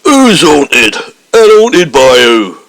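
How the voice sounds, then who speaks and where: Man doing a gravelly, cheeky wide boy. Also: fairly high pitch, big pitch swings, takes it slowly, a bit bright, exaggerated voice. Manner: cheeky, innuendo-laden, gravelly. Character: laddish, cheeky Londoner, dirty-laughing. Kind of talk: comic radio-style pastiche.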